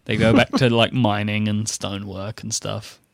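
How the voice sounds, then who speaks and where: A British man in casual conversation, talking haltingly with dry understatement. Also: fairly low pitch, little pitch movement, gravelly, no room sound. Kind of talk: casual chat.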